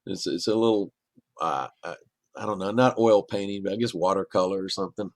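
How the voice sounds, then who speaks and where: A man's voice: sits low, brisk, no echo. A middle-aged man, a podcast guest, telling long rambling stories in a casual, anecdotal way. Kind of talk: casual storytelling.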